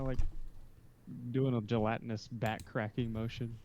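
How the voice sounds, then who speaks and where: A man's voice: medium pitch, normal speed, a little mellow, slight background noise. A man playing a tabletop role-playing game, chatty and easygoing, slipping between his character's lines and table talk. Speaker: player.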